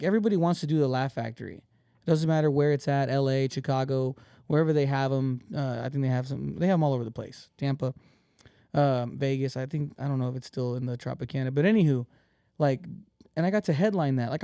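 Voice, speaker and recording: A man's voice: mid-range voice, quick pace, vocal fry, mellow, no echo. A man talking in a casual podcast chat as the guest comedian, earnest and rambling, calling people "bro" and "man".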